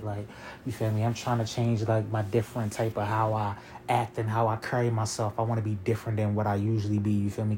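A man's voice: fairly low pitch, darkish tone, a little hiss or hum. A man in his twenties telling a long story in a casual, rambling and profane way, with constant "you feel me" fillers.

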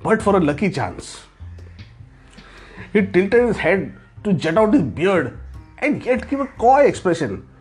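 A man tells a comic travel story with sardonic, profane humour. His pitch sits a little high and moves about freely. Soft guitar music plays faintly underneath. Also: very animated, measured pace, pauses often, breathy edge. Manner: sardonic, profane, laughs as he talks. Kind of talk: humorous travel narration.

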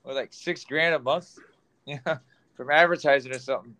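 A man's voice: mid-range voice, moderate pace, sharp tone, a little hiss or hum. A man co-hosting a podcast in a loose, chatty way, laughing often. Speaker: podcast co-host. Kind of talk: casual chat.

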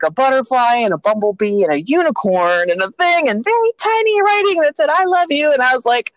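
A woman in her thirties, a mother chatting casually with a friend, telling an animated story with acted-out voices, frequent laughs and swearing. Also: fairly high pitch, no echo, rough recording. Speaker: mother of two young kids. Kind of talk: casual chat between friends.

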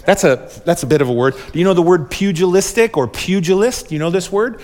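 Guy preaching a sermon, kinda high voice, hammers points over and over, gets the crowd to answer back. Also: fast, a little mellow. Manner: emphatic, repetitive preaching that calls for audience responses. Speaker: pastor.

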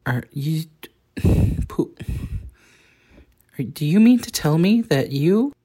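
Woman playing awkward podcast host, very low voice, halting, stiff, apologetic, comedy sketch. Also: expressive, dark tone, slightly rough, heavily acted. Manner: halting, many fillers and restarts, stiff and apologetic. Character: awkward, hesitant podcast host, a young man.

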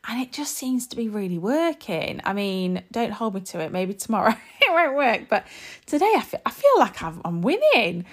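A woman's voice: a little high, big pitch swings, moderate pace, breathy edge. A woman in her thirties chatting casually to her viewers as a parent vlogger, rambling with lots of fillers and restarts. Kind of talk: casual chat to camera.

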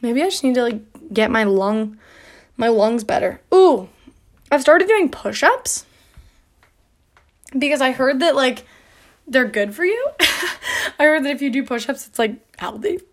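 A woman's voice: high-pitched, lively intonation, unhurried, pauses often. Breathless, rambling young woman. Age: young adult. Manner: rambling, filler-heavy, with frequent "like" and laughs. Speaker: podcast host. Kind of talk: casual chat.

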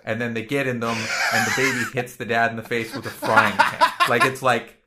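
A man's voice: mid-range voice, steady tone, fairly quick, heavy background noise. A man in casual comedic chat, rambling and swearing, often breaking into laughter.

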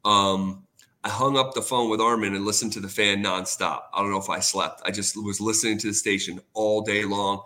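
Bright-voiced man telling a story. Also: lowish voice, fairly quick. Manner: animated, retells quotes, many fillers and restarts. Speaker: sports radio host, guest. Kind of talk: casual storytelling interview.

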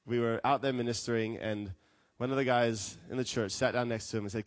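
A man preaching a sermon as a pastor, telling stories with lively acted quotes. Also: medium pitch, a little fast, no echo, clean studio sound. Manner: animated storytelling with acted quotes.

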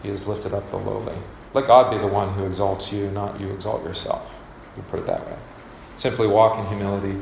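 A brisk, creaky male voice on the low side, with fairly even intonation, belongs to a pastor guiding a casual Bible study. He teaches conversationally, uses lots of fillers, and keeps asking the group questions. There's a roomy echo and faint background noise.

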